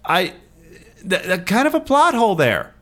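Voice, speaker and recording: A man's voice: sits high, wildly swooping pitch, moderate pace, fairly bright tone. A man in his thirties with an American accent co-hosting a casual movie podcast, teasing with dry jokes and ranting with energy. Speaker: podcast co-host. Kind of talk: casual movie review chat.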